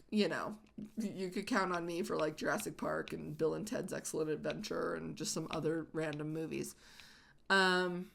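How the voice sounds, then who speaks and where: A woman's voice: on the low side, vocal fry, a bit bright. A woman hosting a casual let's-play, chatting and rambling with lots of "like" fillers as she plays. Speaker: gaming channel host.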